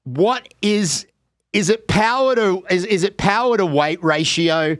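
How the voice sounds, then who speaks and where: A man with an Australian accent hosting an interview podcast, energetic and laughing often. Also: sits high, unhurried, no echo, studio quality. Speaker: podcast host. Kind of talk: casual interview.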